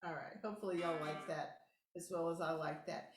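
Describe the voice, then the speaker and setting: A woman who calmly and encouragingly guides listeners through simple relaxation tools in a casual teaching talk. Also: low-pitched, brisk, background noise. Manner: calm, instructive, encouraging. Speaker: host. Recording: roomy echo.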